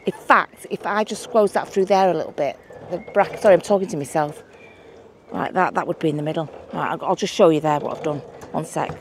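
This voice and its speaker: Woman, Northern English accent, lowish voice, chatty and thinking aloud, windy allotment, faint outdoor noise. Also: brisk. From England. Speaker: allotment vlogger. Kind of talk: casual chat to camera while working.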